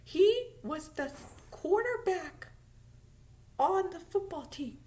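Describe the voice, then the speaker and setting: A woman vlogger chatting casually about a TV series, animated and emphatic, repeating words for effect and sometimes dropping to a whisper. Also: very high-pitched, slow, long pauses. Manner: drops to a whisper at times. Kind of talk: casual chat.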